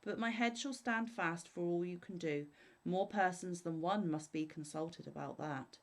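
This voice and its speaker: Bold young scholar son read by a woman, calm, fearless, reassuring, storybook. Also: fairly low pitch, normal speed, close to an everyday voice.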